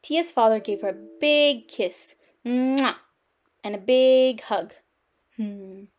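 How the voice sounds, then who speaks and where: Lady reading a kids book out loud, lively and expressive, kinda high voice. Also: unhurried. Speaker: storytime reader. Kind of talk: children's read-aloud.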